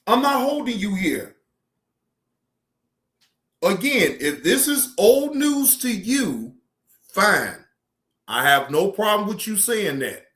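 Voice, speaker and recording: A man with a high, bright voice hosts a casual livestream, speaking slowly and addressing his viewers head-on in a blunt, combative way. The recording carries a noticeable roomy echo. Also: very animated. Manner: talks straight to chat, blunt and combative. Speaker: streamer reacting to clips.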